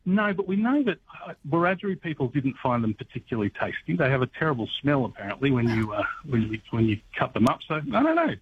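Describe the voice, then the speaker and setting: A man's voice: mid-range voice, fast talker, a little hiss or hum. Man on a tinny phone line. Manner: storytelling, relaxed, wry. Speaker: history guest on the radio.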